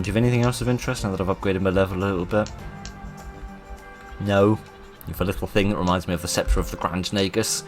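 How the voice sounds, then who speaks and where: Deep-voiced excitable man. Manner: self-mocking, excitable, reads game dialogue aloud. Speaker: gaming video host. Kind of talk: let's play commentary.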